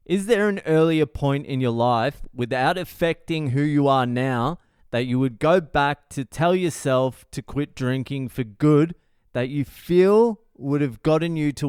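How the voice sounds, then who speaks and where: A man's voice: mid-range voice, darkish tone, smooth, dry recording, clean studio sound. A middle-aged man, host of his own podcast, telling stories in a profane, rambling, jokey way. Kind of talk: casual monologue podcast.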